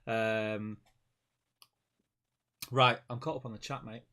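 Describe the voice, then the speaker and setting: A man's voice: on the low side, steady tone, slow, a bit bright. A man, co-hosting a casual live stream. He rambles, restarts his sentences and laughs often. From Manchester, England. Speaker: co-host of a tabletop wargaming stream.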